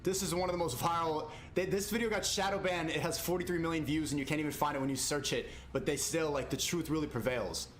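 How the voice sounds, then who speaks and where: A man's voice: fairly high pitch, steady tone, fast talker, few pauses, echoey room, a little hiss or hum. Sarcastic streamer man talking to chat. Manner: sarcastic, teasing, addresses chat directly. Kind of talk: live-stream commentary to chat.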